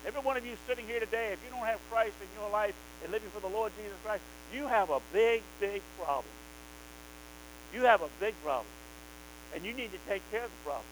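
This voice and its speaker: Male preacher, high voice, emphatic sermon delivery, faint mains hum behind. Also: brisk, low-quality recording. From American South. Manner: fervent, emphatic, rising to loud exhortation.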